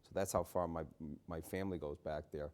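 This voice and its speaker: Man, low voice, middle-aged, from the Boston area, author at a book talk, chatty, wry. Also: fairly even intonation, fairly quick, a little mellow. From Boston area, USA. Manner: chatty, many restarts, wry asides. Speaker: author and journalist. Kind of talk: book talk, conversational storytelling.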